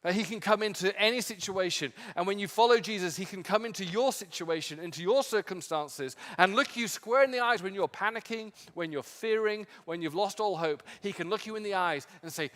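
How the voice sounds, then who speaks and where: A male pastor preaching a sermon with impassioned emphasis, swinging from strong peaks to quiet, low passages. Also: brisk, hardly any pauses, big-room sound. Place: church sanctuary.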